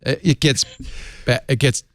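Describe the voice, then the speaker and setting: A man hosting a casual tech podcast, animated and often laughing, his voice jumping up when excited. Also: medium pitch, moderate pace, no echo, clean studio sound. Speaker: podcast host.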